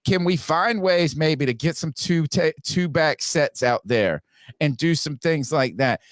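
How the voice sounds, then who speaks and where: A man's voice: fairly high pitch, measured pace, dry recording, studio quality. A man hosting a casual sports podcast, reading out viewer donations and giving blunt opinions with frequent restarts. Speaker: podcast host.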